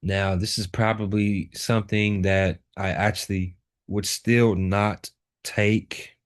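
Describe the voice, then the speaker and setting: A man's voice: fairly low pitch, level tone, takes it slowly. A man teaching a live trading lesson, walking through charts and driving points home by repeating key words. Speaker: trading instructor.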